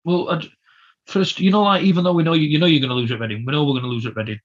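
Fast-talking ranting man. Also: fairly high pitch, steady tone, slightly rough. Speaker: podcast co-host. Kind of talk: passionate football fan chat. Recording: dull lo-fi podcast audio.

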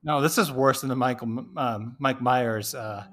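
A man's voice: mid-range voice, normal speed, a bit bright. A man co-hosting a podcast, chatting casually about a movie with joking asides. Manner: joking asides, laughs often. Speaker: podcast co-host. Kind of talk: casual movie recap chat.

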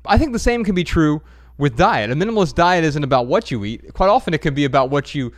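A man hosting a podcast in casual chat, explaining ideas in a measured way. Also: on the high side, lively intonation, dry recording, studio quality. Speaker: podcast host.

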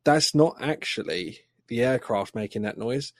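A man's voice: medium pitch, lively intonation, measured pace, no room sound, clean studio sound. A man hosting a comedy podcast, chatting casually, swearing freely and sharing trivia with gusto. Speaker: podcast host.

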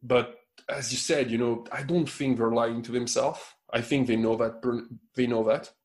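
A man's voice: medium pitch, moderate pace. A man from France with a French accent, chatting casually as a podcast co-host and acting out the people he quotes. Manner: animated, laughing, acts out quoted people. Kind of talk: casual chat.

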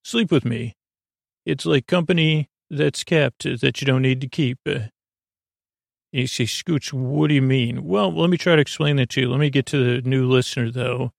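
A man hosting a sleep podcast, talking in a slow, lulling, rambling way with lots of fillers, restarts and pointless tangents. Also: medium pitch, no room sound, studio quality. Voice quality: creaky, dulcet tones. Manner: slow, drowsy, lulling delivery. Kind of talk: rambling bedtime monologue.

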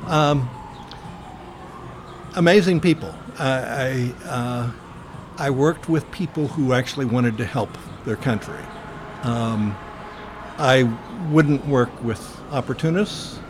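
In a noisy setting, an elderly American man recounts his memories for an oral history interview. He speaks in a mid-range voice, earnest and thoughtful, often pausing and using fillers.

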